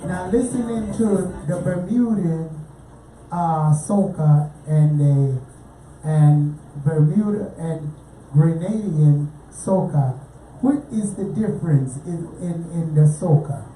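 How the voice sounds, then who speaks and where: A woman's voice: takes it slowly, warm tone. A woman hosting a casual radio show, chatting with guests and asking for donations. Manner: chatty, asks questions, drifts into pitches for donations. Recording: roomy, distant mic, faint noise.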